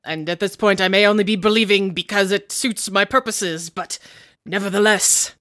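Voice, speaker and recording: Woman as a stammering Regency suitor, bright tone, dry close sound, tabletop role-play. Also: medium pitch, steady tone, normal speed, no room sound, lightly acted. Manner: stammering, hesitant, wry. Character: young male Regency gentleman, calculating fiancé.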